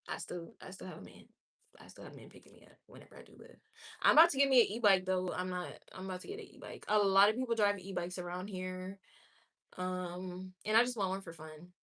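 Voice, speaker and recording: Bright-voiced woman livestreaming. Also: mid-range voice. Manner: chatty and candid, with quick laughs and exclamations. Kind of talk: casual live chat reading viewer comments.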